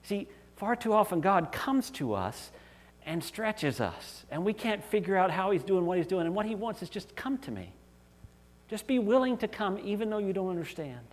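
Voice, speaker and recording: A man's voice: high-pitched, animated, normal speed. A middle-aged male pastor preaching a sermon in an earnest, conversational way, often acting out quoted voices.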